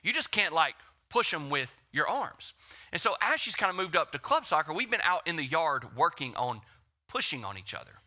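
Male pastor, 30s, bright and slightly high voice, casual storytelling sermon. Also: moderate pace. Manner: conversational, animated storytelling with acted quotes and hushed whispers. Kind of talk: sermon with personal stories.

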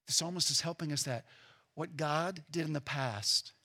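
A man preaching a sermon as pastor, earnest and emphatic, at times dropping to a quiet, reflective tone. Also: on the high side, moderate pace.

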